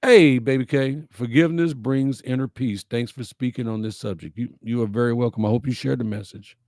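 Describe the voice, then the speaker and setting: This middle-aged man hosts a live-streamed message show, talking fairly quickly in a slightly mellow, mid-range voice. The studio sound is clean with no room sound as he answers viewer comments in a folksy, heartfelt, preacherly style.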